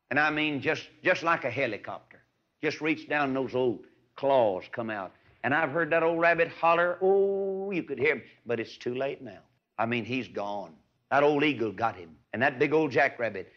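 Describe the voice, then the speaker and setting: Folksy evangelist telling a story. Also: male voice, mid-range voice. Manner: animated, folksy, swooping between loud and soft. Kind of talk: folksy radio sermon storytelling. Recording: dull lo-fi archive radio recording.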